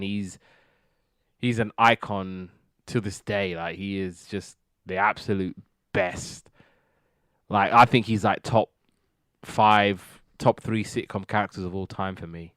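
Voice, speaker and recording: A man's voice: on the low side, a bit bright, smooth, no room sound. A British man hosting a casual TV review podcast, enthusiastic and rambling with repeated words. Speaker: podcast host.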